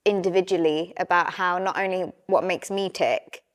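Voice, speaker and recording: A woman's voice: fairly low pitch, normal speed. A young woman, a podcast guest chatting casually and acting out little exchanges as she tells stories. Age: young adult. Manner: animated storyteller who acts out quoted exchanges. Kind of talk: casual chat.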